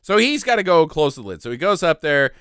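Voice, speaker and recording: A man co-hosting a casual podcast, retelling a film's plot with lively mock voices. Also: fairly high pitch, brisk, clean tone, no room sound, studio quality. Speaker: podcast co-host. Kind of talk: casual movie recap chat.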